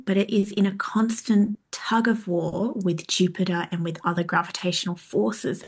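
Breathy woman scientist guest. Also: mid-range voice, darkish tone. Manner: enthusiastic, explanatory. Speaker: astrophysicist guest. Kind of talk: radio interview explanation.

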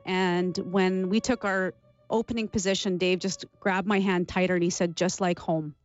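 A woman's voice: lowish voice, fairly even intonation, normal speed, faint music behind. Emotional woman recalling memories. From Canada. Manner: warm, emotional, laughs while recalling. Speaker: interview guest, former athlete. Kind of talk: reflective interview storytelling. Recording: dull lo-fi sound.

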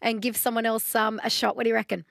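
Upbeat woman, gravelly edge. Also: fairly high pitch, level tone, fast, fairly bright tone, no room sound, clean studio sound. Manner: friendly, upbeat, laughs easily. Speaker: radio host. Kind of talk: talkback radio hosting.

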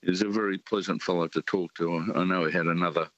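An older Australian man calling in to a radio show, talking in halting phrases with many fillers. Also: low-pitched, fairly even intonation, fairly bright tone, no echo. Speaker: caller. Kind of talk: casual radio call-in chat. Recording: muffled phone line.

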